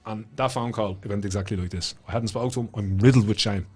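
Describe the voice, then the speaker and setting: A man's voice: lowish voice, steady tone, fast, husky. An Irish man in his middle years, a guest on a chat podcast, telling his story with passion, swearing freely and repeating words as his feelings rise.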